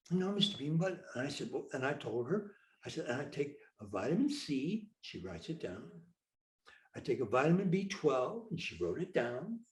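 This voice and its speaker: Older guy spinning a funny story, voice jumping all over, echoey room. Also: a little high. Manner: animated storyteller, acts out dialogue with a lively voice. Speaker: interview guest. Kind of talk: storytelling anecdote.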